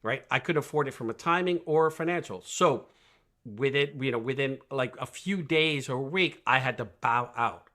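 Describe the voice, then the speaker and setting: A man talking as a guest coach on a podcast, energetic and emphatic, asking rhetorical questions and often tagging "right?" onto his points. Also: mid-range voice, moderate pace. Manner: rhetorical questions, animated storytelling. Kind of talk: podcast conversation.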